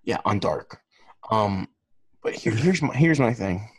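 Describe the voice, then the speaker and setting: A man's voice: fairly low pitch, expressive, a little slow, husky. A man co-hosting a podcast, talking casually and rambling with lots of fillers and restarts. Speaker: podcast co-host. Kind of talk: casual chat.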